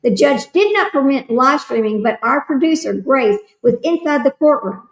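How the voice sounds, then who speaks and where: A woman's voice: high voice, lively intonation, moderate pace, reverberant, low-quality recording. A woman hosting a casual livestream, reading aloud and chatting loosely with her viewers. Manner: reads aloud, then chats loosely with viewers. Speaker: livestream host.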